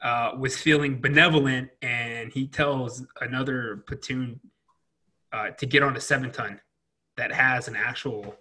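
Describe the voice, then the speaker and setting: A man's voice: mid-range voice, fairly even intonation, unhurried, pushed and bright. A man telling profane military stories in casual chat, full of fillers and laughter. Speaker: Marine veteran interviewer.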